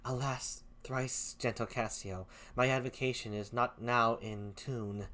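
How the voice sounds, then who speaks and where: A man voicing Desdemona, a gentle young noble wife, with an attempted English accent in an amateur Shakespeare reading. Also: mid-range voice, fairly even intonation, a little slow, voice pushed down. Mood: sorrowful.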